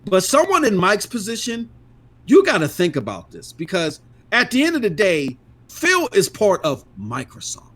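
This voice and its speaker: A blunt middle-aged man holds forth on a casual gaming podcast, his voice sitting a touch high. He talks emphatically and drops curse words without a second thought. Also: huge pitch swings, normal speed, a bit bright. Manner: blunt, emphatic, swears freely. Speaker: podcast co-host.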